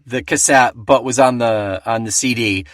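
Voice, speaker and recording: A man co-hosting a podcast in casual comedic chat, relaxed and wry, reading promos with a playful flourish. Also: medium pitch, normal speed, no echo, clean studio sound. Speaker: podcast co-host.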